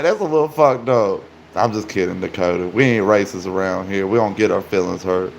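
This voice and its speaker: A man's voice: low voice, a little fast, creaky, slight background noise. A man livestreaming, chatting casually and joking profanely with his viewers.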